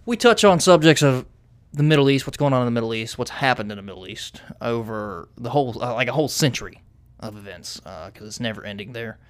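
Southern guy hosting a podcast, rambly, ums everywhere, middle pitch. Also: animated, quick pace. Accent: Southern American. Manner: rambling with many fillers. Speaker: podcast host. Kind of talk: casual podcast chat.

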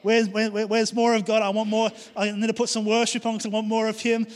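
A man's voice: high voice, completely flat delivery, fast. A middle-aged man preaching a sermon with emphatic, repeated phrases in a church. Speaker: pastor. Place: church hall. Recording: long hall reverb.

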